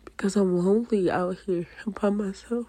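A woman telling a painful personal story in an emotional confessional monologue, holding back tears. She speaks haltingly and drifts into whispers. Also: mid-range voice, fairly even intonation, mellow, husky, no room sound.

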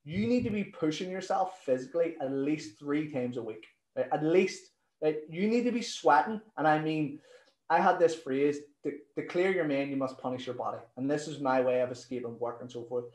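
A man, a nutrition coach telling stories in a casual interview, animated and swearing freely. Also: fairly high pitch, moderate pace, echoey room, poor audio.

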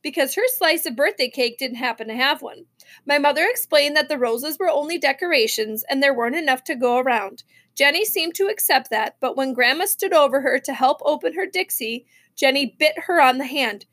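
A woman reading a children's novel aloud, expressive, with small slips and restarts. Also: high voice, fairly quick. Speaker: reader.

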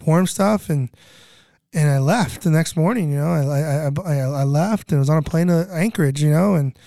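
In a dry recording with clean studio sound, a slightly high, mellow male voice speaks at a moderate pace. He's a disaster relief cook in his thirties, a guest casually rambling through stories of relief work with lots of "you know" fillers and swearing.

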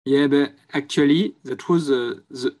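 A man with a French accent answers interview questions in his second language. His voice sits at a middling pitch. He speaks hesitantly, sprinkling uhs while he reaches for words. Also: a little slow, darkish tone. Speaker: journalist guest.

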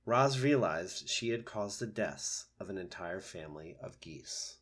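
A man narrates a children's book in a lowish voice. His delivery is steady and gentle. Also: measured pace, husky. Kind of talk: reading a children's book aloud.

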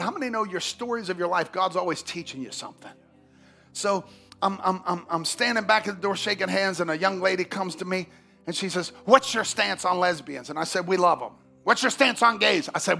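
A man preaching a sermon as pastor, telling stories with big swings from hushed to shouting. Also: high voice, gravelly. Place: church sanctuary.

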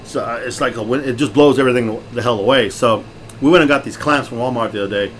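A middle-aged man co-hosting a podcast, loud, jokey and excitable, laughing often. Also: mid-range voice, fast talker. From Texas. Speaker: podcast co-host. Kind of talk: casual chat. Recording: faint background noise.

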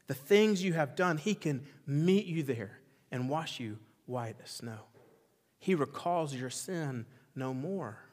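A pastor preaching a sermon with impassioned, emphatic repetition, swinging between loud exclamations and quiet intensity. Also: male voice, a little high. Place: church sanctuary. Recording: long reverb of a large church hall.

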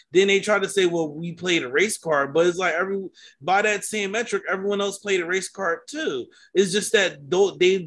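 A man talking in a casual discussion, animated and full of restarts. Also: fairly high pitch. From United States. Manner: animated, many restarts and fillers. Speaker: panelist.

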